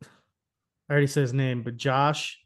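A man's voice: medium pitch, flat delivery, unhurried. A young man telling stories in a casual, profane chat and laughing often.

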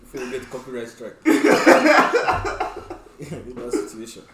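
A man's voice: mid-range voice, level tone, moderate pace. A young man co-hosting a podcast, teasing his friends and laughing often in casual banter. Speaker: podcast co-host. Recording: echoey room, distant mic, noisy.

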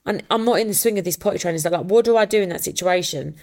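A woman's voice: on the low side, very fast, a little mellow. A woman hosting a casual solo podcast, telling a story in a chatty way and acting out the voices she quotes. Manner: swears casually. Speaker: podcast host.

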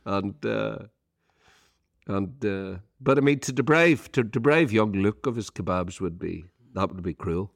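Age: middle-aged. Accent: Irish. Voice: lowish man, rambling storyteller. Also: expressive, measured pace, vocal fry, no echo, studio quality. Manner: rambling, lots of "you know", chuckling. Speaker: podcast co-host. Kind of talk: casual storytelling chat.

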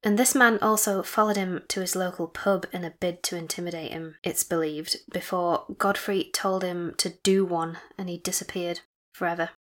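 A woman's voice: lowish voice, steady tone, moderate pace, few pauses. A woman co-hosting a podcast, retelling a case in a chatty, teasing way. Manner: chatty, teasing, recommends and asks questions. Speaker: podcast co-host. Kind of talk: casual chat, retelling a case.

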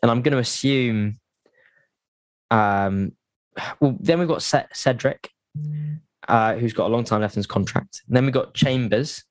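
A man's voice: medium pitch, a little slow, pauses often, dry recording. A man chatting casually about football on a podcast, rambling with lots of restarts and fillers.

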